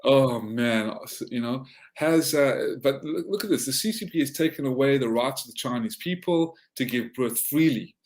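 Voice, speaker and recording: A man's voice: mid-range voice, animated, moderate pace, hardly any pauses. A man with a Southern Georgia accent, a podcast guest talking in a heated, ranting way and often tripping over his words. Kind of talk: casual podcast chat.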